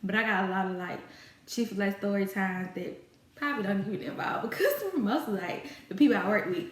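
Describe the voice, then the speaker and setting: A woman's voice: medium pitch, expressive, fairly quick. A woman telling a casual storytime about work, exasperated and ranting about difficult customers. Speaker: storytime vlogger. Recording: echoey room.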